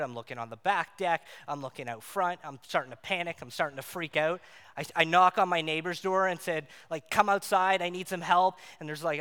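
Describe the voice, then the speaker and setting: A man preaching a sermon, telling a personal story in an animated way and acting out the voices in it. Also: on the high side, smooth. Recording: long hall reverb.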